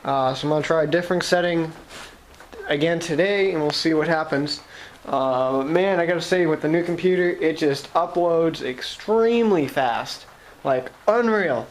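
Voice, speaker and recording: Filming in his shop, a young Boston-accented man rambles to camera at a normal pace, cracking jokes and cursing freely. His voice sits on the high side, and there's a bit of background noise.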